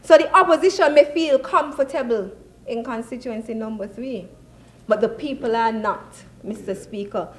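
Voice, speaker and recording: A woman's voice: a little high, moderate pace. A woman, a senator giving a combative parliamentary speech in a chamber, hammering her points with repeated jabs. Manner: combative, repetitive rhetorical jabs. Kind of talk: parliamentary budget debate speech.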